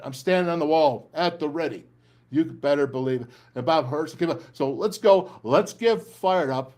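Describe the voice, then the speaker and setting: An older man hosting a sports talk show, fiery and rambling as he gives a pep talk. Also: a little high.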